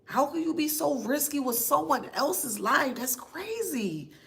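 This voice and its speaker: A woman giving a casual spiritual reading, laughing often and reacting with drawn-out disbelief. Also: high-pitched, sing-song, gravelly.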